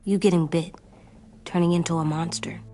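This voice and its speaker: A woman's voice: fairly low pitch, fairly even intonation, normal speed, warm tone, close to an everyday voice. A woman voicing an anxious young boy. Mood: worried. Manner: earnest, worried, blunt questions. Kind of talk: video game voice acting. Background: game score music.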